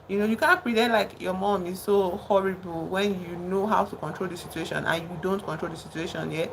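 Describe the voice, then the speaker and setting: Woman vlogger, low gravelly voice, loose rambling storyteller, chatty while doing makeup. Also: fairly even intonation, fairly quick, few pauses, slight background noise, poor audio. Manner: chatty, rambling, peppered with "you know" and "like". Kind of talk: casual storytelling chat.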